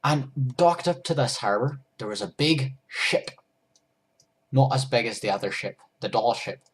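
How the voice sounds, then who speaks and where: A husky male voice tells a silly first-person tale, rambling and stopping to comment on what he draws. The delivery is loose and chatty, with a slightly breathy edge. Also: mid-range voice, expressive, a little slow. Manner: rambling, goofy, self-interrupting while drawing. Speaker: storyteller and drawer. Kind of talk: rambling first-person doodle story narration.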